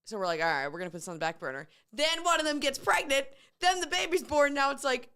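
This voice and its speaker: A woman from New Jersey co-hosting a morning radio show, chatting casually and telling animated stories. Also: high-pitched, fast talker.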